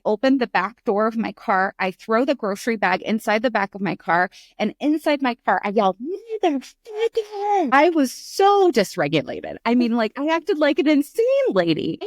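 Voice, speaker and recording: A middle-aged woman, a podcast guest, telling a candid story in conversation, lively and acting out the voices in it. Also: on the high side, no echo, studio quality. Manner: animated, acts out voices in her stories.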